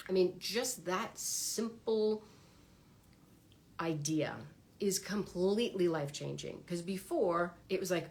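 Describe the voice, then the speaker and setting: A woman with a low voice that has a gravelly, fry-tinged edge, speaking in a casual livestream monologue. She is chatty and animated, often acting out her own inner thoughts as quick little exchanges. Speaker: vlogger sharing her therapy experience. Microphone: phone or webcam on a livestream.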